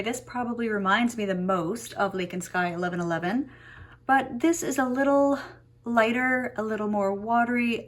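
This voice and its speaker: A young woman talking to the camera in a casual perfume review, gushing and emotional about the scents she loves. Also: medium pitch.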